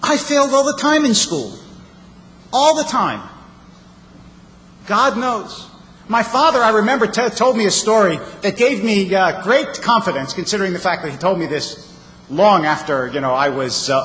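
A man's voice: high-pitched, fairly quick, a bit bright, slight background noise. A man giving a sermon as a rabbi, telling stories with wry humor. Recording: reverberant hall, faint ambience.

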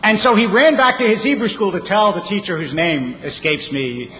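A man's voice: high-pitched, moderate pace, hardly any pauses, sharp tone. A man giving a sermon as a rabbi, telling stories with wry humor. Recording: reverberant hall, faint ambience.

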